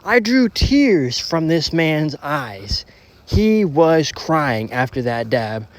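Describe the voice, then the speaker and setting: A man's voice: on the high side, very animated, slow. A young man rambling through a casual storytime monologue, slangy and profane, full of restarts. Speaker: storytelling vlogger.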